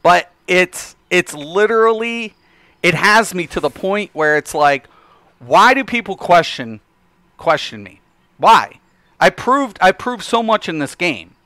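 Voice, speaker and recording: A man's voice: high voice, bright, forceful tone, clean tone, dry recording. A man ranting casually on a live game stream into his desk microphone, emphatic and repetitive with lots of fillers. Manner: emphatic, repeats himself, frequent fillers.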